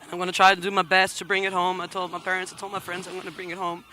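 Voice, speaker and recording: Emotional woman athlete from the Canary Islands, near tears, halting and apologetic, tense bright tone, flat pitch. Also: slight background noise. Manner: halting, apologetic, laughing through nerves. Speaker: competing athlete interviewed. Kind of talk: post-heat interview.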